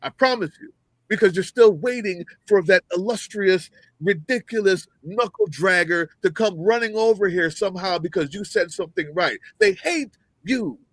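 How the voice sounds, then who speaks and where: Fiery high-voiced man ranting. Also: animated, moderate pace, fairly bright tone, dry recording, poor audio. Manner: fiery, profane, mocking, rhetorical. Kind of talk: heated political commentary.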